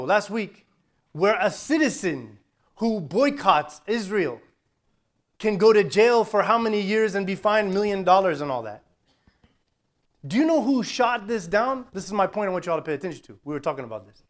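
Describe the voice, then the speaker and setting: A man with a slightly high voice delivers a Friday sermon. He preaches with urgency and force, and he breaks into quick recitation of Arabic Quran verses. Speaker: imam.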